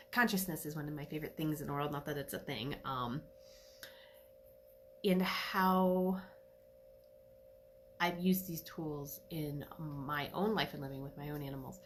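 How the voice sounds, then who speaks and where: A middle-aged woman, an animal communicator, giving a chatty, animated solo talk with frequent laughs. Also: sits low, a little hiss or hum. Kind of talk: casual solo talk to camera.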